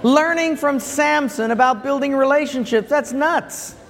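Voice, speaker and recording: A man preaching a humorous sermon as a pastor, telling jokes in an animated way. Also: very high-pitched, unhurried, a little hiss or hum. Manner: joke-telling, chuckling, animated. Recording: long hall reverb.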